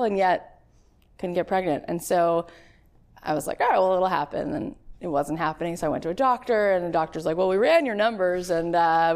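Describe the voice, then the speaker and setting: A woman's voice: fairly low pitch, vocal fry. A woman in her late thirties speaks as a podcast host, giving a motivational talk in a chatty, storytelling way. She acts out quotes with bursts of animation and keeps a friendly, conversational flow. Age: 30s.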